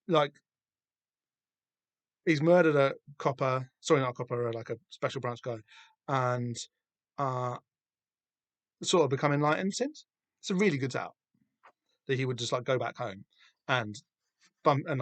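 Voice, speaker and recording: A man's voice: mid-range voice, no room sound. Enthusiastic sweary Southern English man. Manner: enthusiastic, swears freely, rambling with many fillers. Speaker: podcast host. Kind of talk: casual comic book discussion.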